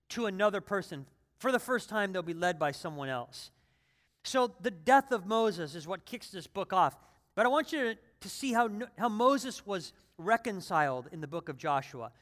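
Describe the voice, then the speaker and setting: A man with a high-pitched voice preaches to his congregation, chatty and informal at times, then building into emphatic repeated lines. His voice rings with a long reverb through the church hall. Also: a bit bright. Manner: conversational, builds to emphatic runs. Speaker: pastor. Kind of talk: sermon.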